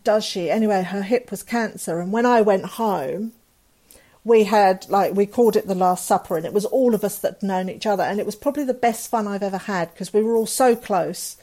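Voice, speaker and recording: A woman's voice: medium pitch, fairly quick, mellow. A middle-aged woman, a guest telling a personal story in a candid, earnest way with fillers and restarts. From England.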